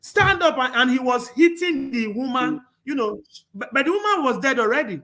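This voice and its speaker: A man's voice: extremely high pitch, animated, moderate pace, sharp tone. A man hosting a casual panel discussion, talking earnestly and rambling through stories with frequent restarts. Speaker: talk show host.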